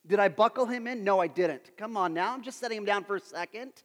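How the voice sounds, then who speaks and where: A man in his thirties delivers a sermon through self-deprecating family stories, often turning questions to his listeners. His voice sits unusually high for a man. A long hall reverb trails behind each phrase. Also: fast talker, fairly bright tone. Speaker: pastor.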